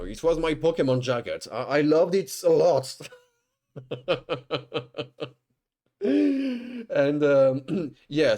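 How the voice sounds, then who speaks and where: Rambling man telling a story. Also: medium pitch. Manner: rambling, restarting, swearing, animated retelling. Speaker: streamer. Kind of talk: casual storytelling on stream.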